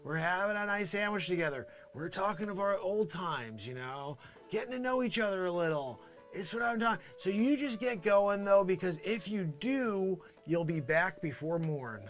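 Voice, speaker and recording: A man's voice: high-pitched, animated, moderate pace, hardly any pauses, faint music behind, voice pushed up. A man acting a smug, scheming character in a comedy sketch, muttering persuasive asides.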